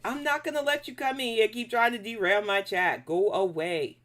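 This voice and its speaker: A woman's voice: mid-range voice, moderate pace, fairly bright tone. A woman hosting a casual live stream, reacting to videos and bluntly scolding trolls in her chat.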